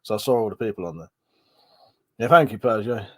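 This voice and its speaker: A man with a lowish voice hosts a casual live stream, speaking briskly and with animation. Chatty and rambling, he swears and reads chat comments aloud, sounding short of breath and yawning.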